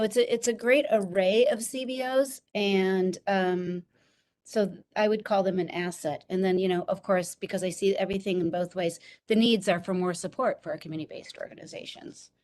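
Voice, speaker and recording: A woman with a Midwestern accent speaking in an online community meeting, thoughtful with many pauses and fillers. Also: medium pitch, darkish tone, a little hiss or hum. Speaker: community board meeting participant. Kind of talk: casual meeting discussion. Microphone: video call.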